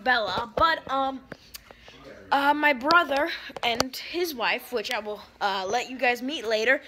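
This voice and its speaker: A woman's voice: sits high, background noise. A young woman chatting casually to her phone camera in a vlog, playful and chatty. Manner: chatty and playful, tired at times. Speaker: vlogger.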